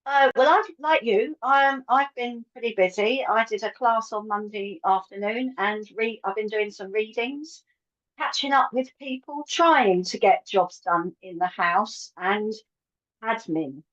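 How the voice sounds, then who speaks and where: A woman's voice: a little high, unhurried, a bit bright. A woman co-hosting a live morning chat show, chatty and greeting viewers by name. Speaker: co-host and medium of a live psychic show. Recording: dull lo-fi sound.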